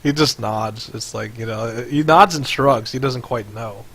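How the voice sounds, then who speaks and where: A man's voice: mid-range voice, a little slow, a bit bright, a little hiss or hum. A man narrating as game master over voice chat in a loose, filler-heavy way. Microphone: headset or desk mic on voice chat.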